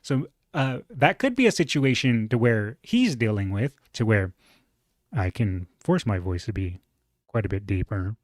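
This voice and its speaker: A man with a moderately deep voice reacting to a video in a relaxed, chatty way, thinking aloud with fillers. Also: measured pace, dry recording, clean studio sound. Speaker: reaction streamer. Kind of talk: casual reaction commentary.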